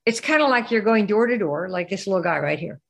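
A woman's voice: medium pitch, lively intonation, quick pace, creaky. A woman giving a live business training presentation. She keeps firing rhetorical questions at her listeners and pushing them to answer. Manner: rhetorical, quizzes the audience.

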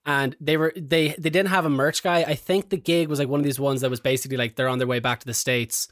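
A young Irish man hosting a podcast, telling animated stories full of fillers and quick laughs. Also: mid-range voice, dry recording, studio quality. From Ireland. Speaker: podcast host. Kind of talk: casual chat.

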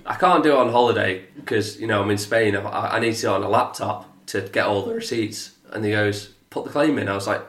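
Guy ranting through a story, swears a lot, bright voice, roomy echo. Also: quick pace, few pauses. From England. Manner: animated, swearing, mimics others in a flat lowered voice. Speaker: podcast co-host. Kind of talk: casual storytelling chat. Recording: echoey room.

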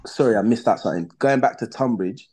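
Brief: young man, footballer guest, animated slangy storyteller, mid-pitched voice. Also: quick pace, slightly rough. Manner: animated, slangy, acts out his own past reactions. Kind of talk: casual storytelling in a podcast interview.

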